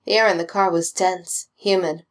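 A woman reading a story aloud, her voice sitting a little low. Her delivery is steady and expressive, like a home-recorded fan reading. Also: moderate pace. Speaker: reader.

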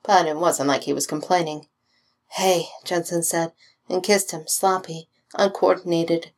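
Woman, story reader, slightly low voice, steady, expressive. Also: normal speed. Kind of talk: reading fan fiction aloud.

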